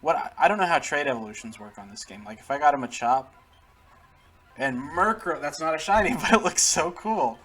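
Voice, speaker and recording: A man's voice: on the high side, animated, a little fast, a bit bright, breathy edge. Chatty man talking over gameplay. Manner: chatty, laughs often, talks to the game. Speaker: gaming channel host. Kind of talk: casual let's-play commentary.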